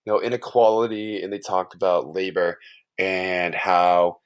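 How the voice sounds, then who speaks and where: Young guy teacher, deep voice, chill and slangy lecture vibe. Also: a little slow, clear, resonant tone. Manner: relaxed, chatty, slangy. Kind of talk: casual recorded lecture.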